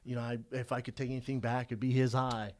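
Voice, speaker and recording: Animated male podcast storyteller. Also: medium pitch, fast talker. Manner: animated storyteller, swears freely. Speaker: podcast co-host. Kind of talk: casual podcast chat.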